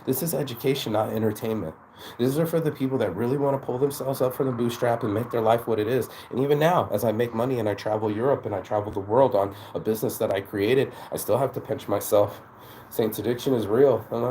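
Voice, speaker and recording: A man's voice: mid-range voice, fast, a little hiss or hum. Blunt, profane man giving a pep talk. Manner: blunt, profane, animated, with lots of stammered restarts. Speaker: channel host. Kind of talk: casual motivational monologue.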